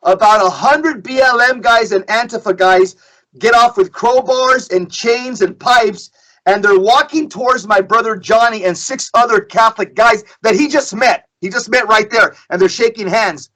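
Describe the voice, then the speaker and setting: Emphatic high-voiced man telling a story. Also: normal speed, sharp tone, poor audio. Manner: emphatic, repeats phrases, acts out quotes. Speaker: guest speaker. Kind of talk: storytelling in a podcast discussion.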